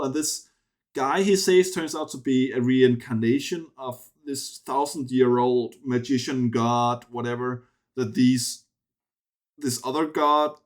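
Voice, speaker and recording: A man talking through a film review in a loose, rambling way. He restarts his sentences often and sounds dismissive and sardonic. His voice sits at an ordinary pitch for a man. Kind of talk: casual spoken film review.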